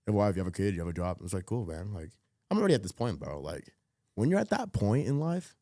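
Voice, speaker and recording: A man's voice: on the low side, sing-song, quick pace, warm tone, dry recording, clean studio sound. A man talking bluntly and emphatically as a guest in a casual podcast conversation, swearing freely.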